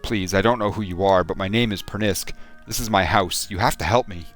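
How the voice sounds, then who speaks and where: A man's voice: low voice, fairly quick, fairly bright tone, faint music behind. A man voicing a terrified, beaten man who frantically pleads for help while reading a game aloud. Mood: pleading.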